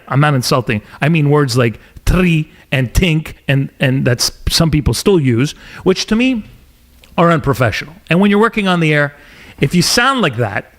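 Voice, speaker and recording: A middle-aged man from Montreal, a podcast host telling a story in casual interview chat with animated, emphatic delivery. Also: on the high side. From Montreal, Canada.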